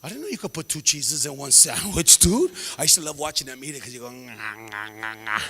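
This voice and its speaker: Stand-up comic, male, slightly high voice, animated slangy storyteller; hall reverb. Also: a crowd in the background. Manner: animated, slangy, acts out characters in quick asides. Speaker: stand-up comedian.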